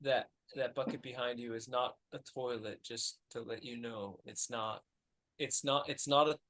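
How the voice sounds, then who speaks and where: A man with a New Zealand accent improvising comedy in a deadpan way, stretching words for emphasis. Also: medium pitch, normal speed.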